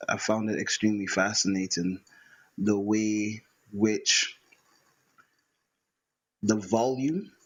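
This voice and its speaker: A man, a writer-musician talking reflectively in a conversation and pausing often with fillers. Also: on the low side, steady tone, poor audio. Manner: hesitant, many fillers and restarts.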